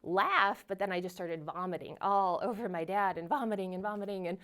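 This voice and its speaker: A woman's voice: medium pitch, brisk, fairly bright tone. A woman giving a personal faith testimony, earnest and storytelling, with frequent fillers and small laughs. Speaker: guest sharing her testimony.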